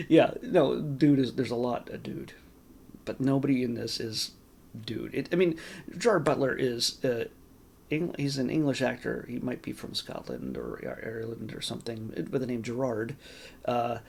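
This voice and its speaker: A man talks through a movie review in a loose, unscripted way. He circles back on himself with fillers, false starts and caveats. His voice has a gravelly fry to it. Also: mid-range voice. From California. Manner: rambling, many fillers, restarts and caveats. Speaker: movie reviewer, channel host. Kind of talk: casual spoken film review.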